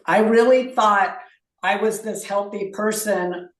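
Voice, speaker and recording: A woman's voice: medium pitch, recorded from a distance. A woman being interviewed as a guest. She speaks in an earnest, heartfelt way. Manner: earnest and heartfelt, slow-paced. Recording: echoey room, away from the mic.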